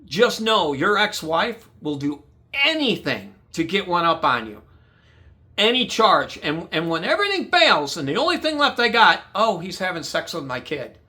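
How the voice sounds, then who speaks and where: Blunt, high-voiced man swearing angrily. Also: pushed and bright. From United States. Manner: blunt, heavy swearing, re-enacts dialogue. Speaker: guest telling his story. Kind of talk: angry personal storytelling.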